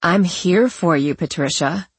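A woman's voice: lowish voice, unhurried, husky, no echo. A woman voicing an eager woman reporter who speaks in a coaxing, reassuring way.

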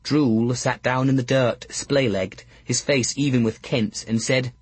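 Husky man narrating a wry tale. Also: mid-range voice, fairly even intonation, measured pace, hardly any pauses, no room sound. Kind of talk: audiobook narration.

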